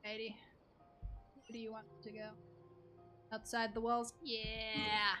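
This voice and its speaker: A woman's voice: fairly high pitch, completely flat delivery, normal speed, faint music behind. A woman streaming a video game, commenting playfully and giggling often. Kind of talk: casual live-stream commentary.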